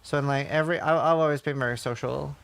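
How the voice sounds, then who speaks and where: A man's voice: fairly high pitch, fairly even intonation, fast talker, vocal fry, a bit bright, smooth. A man streaming a game live, chatting casually and answering viewer questions with lots of fillers. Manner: chatty, reads chat questions aloud, rambling with fillers. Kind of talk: casual live-stream chat while gaming.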